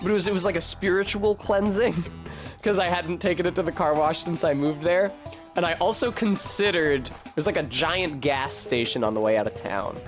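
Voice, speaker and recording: A man's voice: on the high side, moderate pace. A young man streaming a video game, rambling in casual chat with a sardonic, swearing manner. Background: faint game music.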